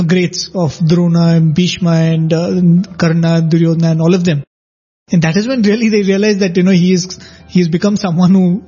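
A man with a high, mellow voice and a husky edge explains a story in an easy conversational way. He often drops in "you know" as he goes. The recording is dull and lo-fi. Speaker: co-host discussing scripture.

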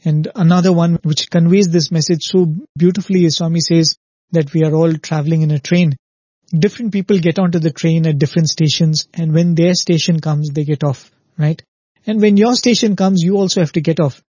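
A man's voice: on the high side, fairly even intonation, brisk, a little mellow, dry recording, highs cut off. A man giving a reflective spiritual talk, telling a parable and often checking in with "right?" and repeated "very, very". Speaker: spiritual speaker.

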